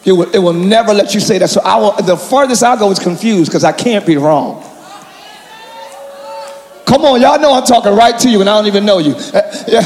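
Male pastor, very high voice, shouting sermon in an echoey church hall. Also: expressive, brisk. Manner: shouting, preaching with call-and-response to the congregation. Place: large church hall with congregation.

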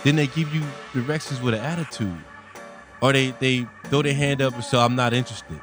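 A man's voice: medium pitch, steady tone, a little fast, music in the background. Blunt, profane man ranting. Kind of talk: casual monologue rant.

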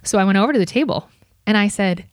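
A woman podcast host telling a story in a casual, animated, profane, jokey way. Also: medium pitch, quick pace, dry recording, studio quality.

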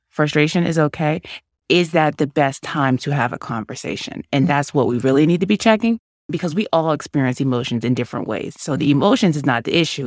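A woman's voice: low voice, no room sound. Thoughtful woman speaking in a dry studio. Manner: thoughtful, self-reflective. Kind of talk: reflective advice talk.

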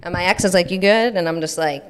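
A woman's voice: lowish voice, steady tone, fast talker, a bit bright, a little hiss or hum. A young woman casually telling a candid party story, rambling and swearing freely. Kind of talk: casual chat.

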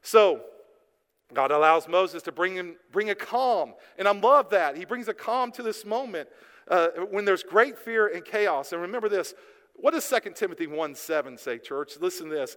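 A pastor preaches with passion, dropping low and quiet, then building to emphatic peaks. His voice sits a little high for a man. The sound rings out with the long reverb of a church hall. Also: lively intonation, moderate pace. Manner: impassioned preaching, swings between hushed and emphatic. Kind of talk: sermon. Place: church sanctuary.

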